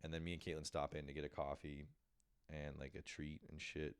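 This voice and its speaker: A man's voice: very deep voice, flat delivery, fairly quick, clean tone, dry recording, studio quality. A young man hosting a podcast, telling a casual, profane story with frequent laughs and acted-out quotes. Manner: laid-back, profane, laughing often, acting out quotes. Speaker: podcast host.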